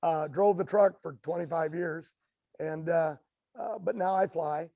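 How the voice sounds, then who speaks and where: An older American man, a racing guest, telling stories in a halting, rambling way with many fillers and restarts. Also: on the high side, creaky, dry recording, highs cut off. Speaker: guest, drag racer. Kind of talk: storytelling interview.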